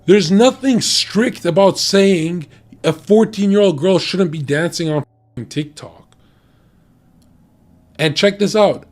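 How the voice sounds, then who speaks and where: A man talking bluntly and profanely in a heated, ranting casual chat about dating. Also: on the high side. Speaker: podcast guest giving dating opinions.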